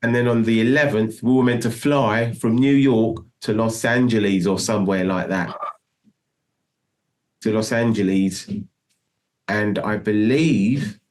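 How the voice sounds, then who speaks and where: A man's voice: on the low side, measured pace, a little mellow. A middle-aged man telling a long story in a casual interview, rambling and restarting often. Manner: rambling, full of restarts and "do you know what I mean". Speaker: guest musician.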